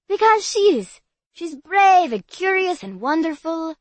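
A woman's voice: very high voice, big pitch swings, a little slow, no echo, voice pushed up, heavily acted. A woman voicing a gushing, overexcited boy. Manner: breathless, effusive, sing-song.

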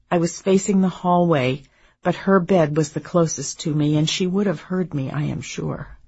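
A woman narrating a memoir in a measured, subdued reading. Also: deep voice, darkish tone, breathy edge, highs cut off.

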